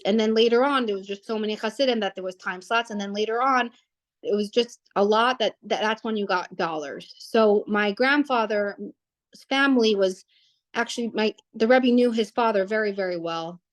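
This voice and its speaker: A young woman tells a family story in a casual, unscripted way. Her voice sits at a medium pitch. She rambles, often breaking off and restarting her sentences. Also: moderate pace. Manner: rambling, with many restarts and fillers.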